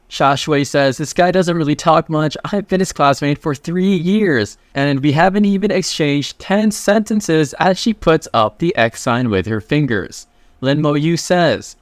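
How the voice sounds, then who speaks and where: The narrator is a man whose voice sits on the high side, recorded without echo. He recaps a manhwa in a relaxed, chatty, slang-heavy style, reading the characters' dialogue as the story unfolds.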